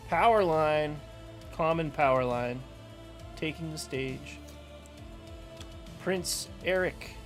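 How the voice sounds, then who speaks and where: A man's voice: on the high side, slow pace, long pauses, soft background music. A man casually chatting to viewers while opening trading card packs at home, playful and talkative. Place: room at home with fans running.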